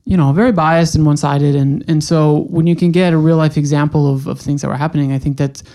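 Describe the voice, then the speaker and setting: A man's voice: fairly high pitch, fairly even intonation, fast talker, mellow. A man hosting an interview podcast, affirming his guest often and thanking him eagerly. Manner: eager, affirming interviewer with frequent "okay" and "wow". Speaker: podcast host. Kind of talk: conversational interview.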